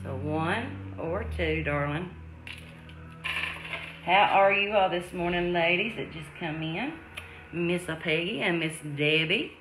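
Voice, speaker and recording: Low-voiced woman selling jewelry live. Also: slow pace, background noise. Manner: chatty, calls viewers sweetie, love and darling. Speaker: seller hosting a live jewelry sale. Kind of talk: live-stream selling chat. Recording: echoey room.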